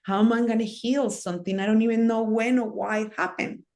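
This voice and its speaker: A woman interview guest who talks about healing and ceremonies in an earnest, unhurried way, in short phrases with fillers. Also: fairly high pitch, fairly even intonation, darkish tone. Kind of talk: reflective conversational interview.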